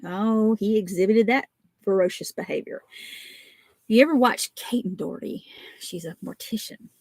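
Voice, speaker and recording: A woman's voice: medium pitch, moderate pace, gravelly, no room sound. A woman, chatting in a rambling, folksy way while crafting on a home livestream. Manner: rambling, folksy, animated storytelling. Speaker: papercraft vlogger.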